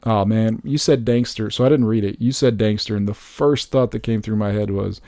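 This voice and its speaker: Podcast co-host, male, low and gravelly, animated and jokey, dry close sound. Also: brisk, no room sound. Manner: animated, joking, laughs often. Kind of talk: casual chat.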